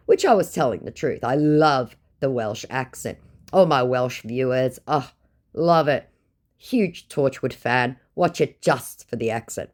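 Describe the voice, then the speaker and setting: A woman's voice: rumbling low, lively intonation, moderate pace, a little mellow. A woman narrating her chats with a scammer in a dry, mocking, contrary way. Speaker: scam baiter narrating chats. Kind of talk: sardonic comedic narration.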